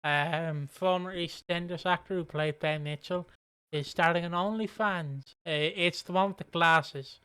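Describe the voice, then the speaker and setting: A young British man co-hosting a casual podcast chat, excitable and rambling. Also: a little high, measured pace, clean tone, no room sound. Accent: British English. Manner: excitable, laughing, rambling lists. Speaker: podcast co-host.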